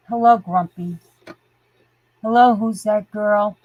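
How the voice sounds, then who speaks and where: Older woman, live-stream host; slow, dry delivery, indignant and plainspoken. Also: mid-range voice, fairly even intonation, darkish tone, no room sound, poor audio. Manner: indignant ranting, greeting viewers by name. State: stuffy from a sinus infection. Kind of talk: casual live-stream chat.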